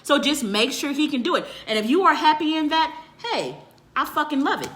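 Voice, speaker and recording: High, bright-voiced woman ranting profanely. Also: sing-song, brisk. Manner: profane and emphatic, swears constantly; answers viewers' comments live. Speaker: relationship counselor. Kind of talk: ranting monologue to viewers.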